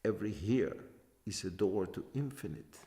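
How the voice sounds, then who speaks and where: A man giving a spiritual talk as a teacher, halting and repeating short phrases for emphasis. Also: fairly low pitch, expressive, mellow. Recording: long hall reverb.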